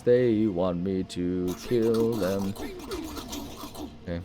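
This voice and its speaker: Casual let's-play chatter comes from a young gaming host whose fairly low voice is expressive and moves at a normal speed. He wanders from thought to thought, joking with himself and making fun of his own play.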